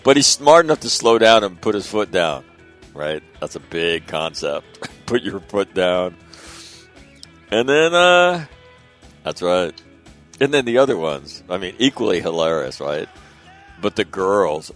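A middle-aged man hosting a talk radio show, telling stories in a casual, animated way, swearing freely and loudly acting out other voices. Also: deep voice, a little slow, faint music behind.

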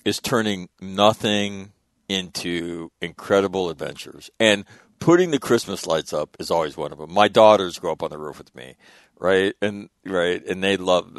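A man in his fifties telling stories in a casual chat, animated and chuckling mid-sentence, his voice jumping up at the punchlines. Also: normal speed, no room sound, clean studio sound. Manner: animated storyteller, voice jumps high in punchlines.

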